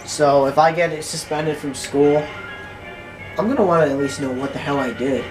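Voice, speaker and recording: A chatty commentator rambles through a story as a game plays, jumping up into loud, animated quoted voices. The voice sits at an ordinary middle pitch. Faint game music plays behind the talk. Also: moderate pace. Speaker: gameplay commentator. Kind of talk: casual storytelling over gameplay.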